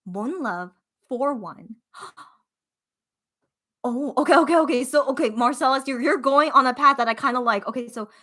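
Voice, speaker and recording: A woman hosting a casual live stream, chatting with viewers, thinking out loud and repeating phrases to herself with frequent giggles. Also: sits high, normal speed, long pauses.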